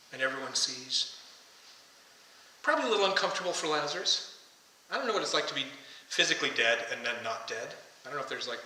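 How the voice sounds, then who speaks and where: A man preaching a sermon as pastor, impassioned, rising to loud calls as he tells the story. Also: a little high, distant mic. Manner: impassioned, shouting the calls to come out. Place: church sanctuary. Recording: echoey church hall.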